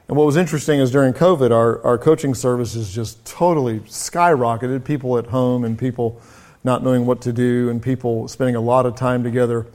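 This is a middle-aged man with a voice in an ordinary middle register. He talks through personal stories with an easy, lively delivery. He often restarts his phrases as he goes. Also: medium pitch, quick pace. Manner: conversational, lively retelling with frequent restarts. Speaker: speaker who runs a coaching business. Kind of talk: personal storytelling talk.

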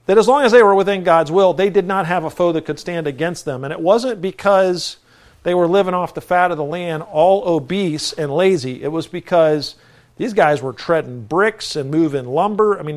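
Man, middle-aged pastor, casual preaching voice, self-deprecating asides, slightly high pitch. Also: moderate pace. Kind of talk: sermon.

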